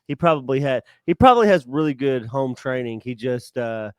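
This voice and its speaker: A man co-hosting a podcast, musing thoughtfully with small hesitations. His voice is smooth and mid-pitched. The recording is dry and close. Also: lively intonation, brisk, darkish tone, no echo. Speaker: podcast co-host. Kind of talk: casual chat.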